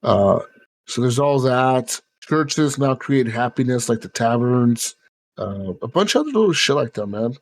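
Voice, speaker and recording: A man's voice: medium pitch, lively intonation, a little slow. A man hosting a podcast in casual chat, rambling with lots of fillers and swearing. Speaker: podcast host.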